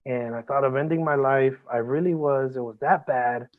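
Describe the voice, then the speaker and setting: A man's voice: medium pitch, normal speed. A man as a podcast guest, talking earnestly and emotionally, swearing a lot and often restarting his sentences. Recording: band-limited phone-like audio.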